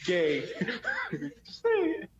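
A man's voice: very high voice, wildly swooping pitch, slow pace, muffled recording, crowd noise. A man co-hosting a casual livestream, joking along and hyping up the viewers. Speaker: co-host.

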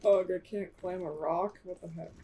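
A woman's voice: fairly low pitch, fairly even intonation, normal speed, dark tone. A playful woman jokes her way through a shooter game and pokes fun at her own skills in easy, casual chat. A faint hum of noise sits under her voice. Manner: playful, jokey, self-mocking. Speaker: channel host.

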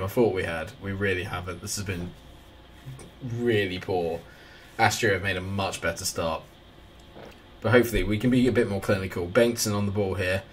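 A man giving casual, excitable commentary over a football management game, with wry asides. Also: low-pitched, slight background noise. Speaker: gaming YouTuber.

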